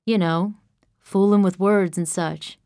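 A woman's voice: medium pitch, steady tone, takes it slowly, a little mellow, smooth, no room sound, clean studio sound. A woman voicing a cocky young farm man who teases with a drawling rural way of talking, in an audiobook. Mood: teasing. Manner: drawling rural speech, teasing. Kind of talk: audiobook character voice.

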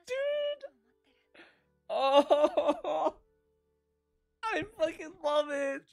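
A woman hosting an anime reaction, moving from soft cooing to loud excited squeals and swearing freely. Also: high-pitched, very slow, gravelly, faint music behind.

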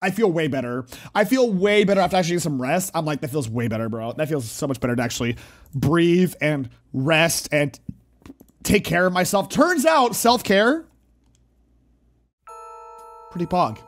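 A young man streaming live, excitedly reacting to a video and chatting with viewers. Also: a little high, normal speed, pauses often. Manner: excitable, talks to chat, frequent loud laughs.

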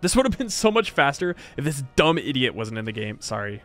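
Over soft background music, a streamer chats wryly through his strategy gameplay, talking both to himself and to the in-game characters. He has a mid-range, very animated voice that's a little fast and fairly bright.

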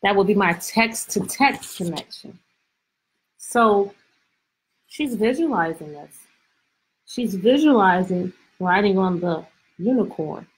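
A woman teacher reading a picture book aloud to her class over a video call, expressive and full of questions. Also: mid-range voice, takes it slowly, pauses often, breathy edge, low-quality recording. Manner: lively, expressive, stretches words, asks questions. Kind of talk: storybook read-aloud lesson.

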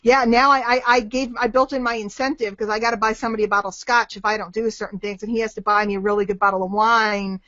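A middle-aged woman with a fairly high voice answers marketing questions on a live webinar. She talks in a lively, animated way and acts out short exchanges between people. The sound is dry and a bit dull, like a web call. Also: fast, few pauses, dry recording.

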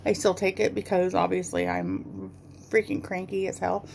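Woman, 30s, home makeup vlogger; chatty rambler with a gravelly edge, faint hiss behind. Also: fairly low pitch, big pitch swings, moderate pace, a little mellow. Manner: rambling, chatty, swears casually. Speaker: beauty vlogger. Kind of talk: casual rambling chat while doing makeup.

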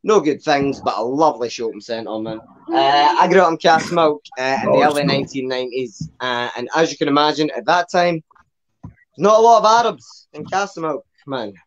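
A man's voice: a little high, brisk, dull audio. Sweary Glaswegian man doing stand-up. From Scotland. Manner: rambling, sweary, ends lines with "man". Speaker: stand-up comedian. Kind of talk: stand-up set at an online open mic.

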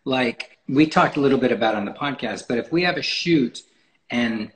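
Man, photographer guest, mid-pitched voice, loose and rambling, lots of "you know.". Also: moderate pace, a bit bright, poor audio. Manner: rambling, many fillers and restarts. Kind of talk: casual interview talk. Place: podcast recording.

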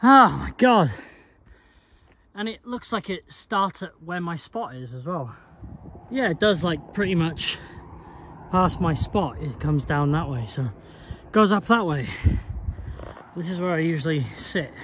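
A man's voice: fairly high pitch, lively intonation, a little slow, long pauses, a bit bright, slight background noise. A man rambling casually in a vlog while out walking, sweary and a bit tipsy. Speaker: vlogger. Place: outdoors on a walking path.

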